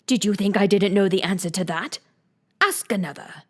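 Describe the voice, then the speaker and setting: A woman's voice: mid-range voice, close to an everyday voice. Humpty Dumpty, a pompous egg, put on by a woman. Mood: haughty. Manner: slow, haughty, lecturing. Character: pompous touchy egg man on a wall.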